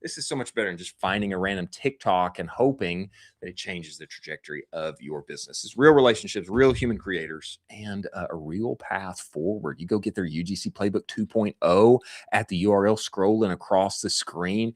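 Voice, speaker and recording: A man hosting a business podcast, reading an ad and welcoming a guest with loud hype. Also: fairly quick. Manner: high-energy hype, shouting welcomes. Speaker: podcast host. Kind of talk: hyped podcast intro and ad read.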